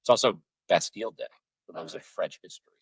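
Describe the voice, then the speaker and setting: A man hosting a podcast in casual chat, meandering and halting, often repeating words as he goes. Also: fairly low pitch, slightly rough, dry recording, poor audio. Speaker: podcast host.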